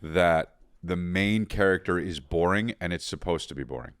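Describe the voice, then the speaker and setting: A man's voice: low voice, normal speed, smooth, no room sound. A man in his thirties co-hosting a podcast, rambling in casual chat and stumbling over names and restarts. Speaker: podcast co-host.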